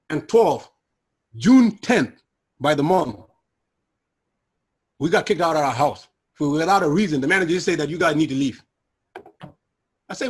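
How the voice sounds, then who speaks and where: A middle-aged man tells his personal testimony in an earnest, emotional way. His voice sits a bit high for a man and has a husky, breathy edge. He sinks low and quiet when the memories turn hard. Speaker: guest sharing personal testimony.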